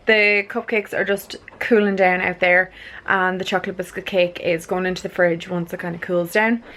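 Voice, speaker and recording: A woman's voice: fairly low pitch, little pitch movement, normal speed, fairly bright tone. A woman vlogger from the UK or Ireland chatting casually in her home kitchen, filming herself, a little out of breath, with lots of "like" and "um" and easy laughs. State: a bit out of breath. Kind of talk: casual vlog chat.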